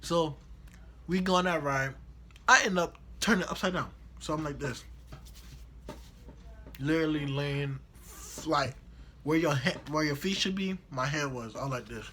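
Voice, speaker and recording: Animated young man telling a slangy story. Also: fairly high pitch, measured pace, long pauses, a little hiss or hum. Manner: slangy, animated retelling with acted-out quotes. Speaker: vlogger. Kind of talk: casual storytelling.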